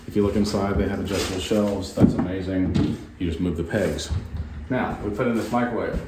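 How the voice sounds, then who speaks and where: A man vlogging his house renovation in a playful, mock-excited way, then turning to earnest preaching. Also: low-pitched, fairly quick, background noise. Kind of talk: casual talk to camera with preaching. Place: unfinished house interior. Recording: echoey empty house.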